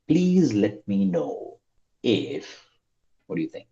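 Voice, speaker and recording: A man's voice: fairly low pitch, wildly swooping pitch, slow pace, warm tone, roomy sound, dull audio. A male English teacher giving an online class, repeating prompts and coaxing his students to answer.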